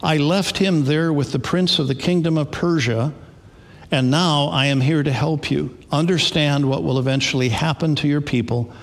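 A man's voice: fairly high pitch, normal speed. A man preaching a sermon as pastor, telling stories in a conversational way with small restarts. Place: church sanctuary. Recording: long reverb of a large hall.

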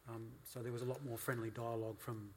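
A man interviewing authors, asking measured questions with hesitations. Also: medium pitch, level tone, darkish tone. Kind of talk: conversational interview.

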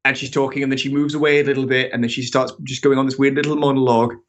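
A man telling a story in casual chat, animated, swearing and laughing often. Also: medium pitch, racing. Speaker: podcast regular telling a story.

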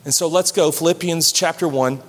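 A man preaching a sermon as pastor, animated, dropping low and slow to stress points. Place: large church hall. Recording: long hall reverb.

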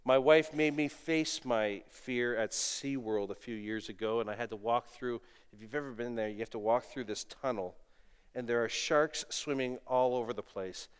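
A middle-aged man preaching a sermon, animated, moving between loud exclamations and quiet asides, telling stories with self-deprecating humor. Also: medium pitch, normal speed, smooth. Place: church sanctuary. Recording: long reverb of a church hall.

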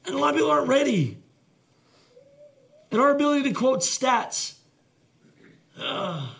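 A man's voice: very high voice, big pitch swings, normal speed, creaky, a bit bright. A male pastor preaching a sermon in a conversational, earnest way, full of fillers and restarts. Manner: earnest, heartfelt delivery.

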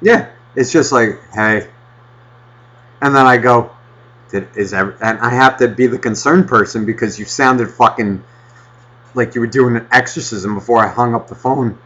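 A man co-hosting a podcast, ranting loudly and doing mocking impressions of a friend on the phone. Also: medium pitch, normal speed, muffled recording. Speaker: podcast co-host. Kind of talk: casual podcast banter.

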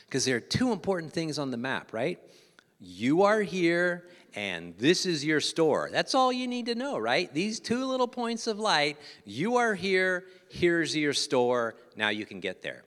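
A middle-aged man preaching a sermon as pastor, animated, swinging between loud emphasis and hushed, near-whispered asides. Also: medium pitch. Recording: church hall reverb.

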